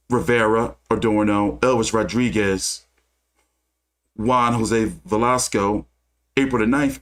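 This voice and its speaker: A man hosting a casual boxing livestream, reading news aloud and breaking into heated, profane rants. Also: mid-range voice. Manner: reads news aloud then rants with cursing. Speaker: boxing channel host.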